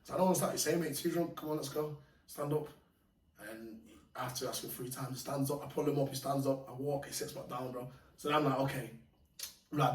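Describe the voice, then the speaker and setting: A man casually telling animated, slangy stories of fights and bouncer work, laughing often. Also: mid-range voice, fast talker. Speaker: podcast guest. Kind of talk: casual storytelling. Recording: echoey room, mic far off, faint noise.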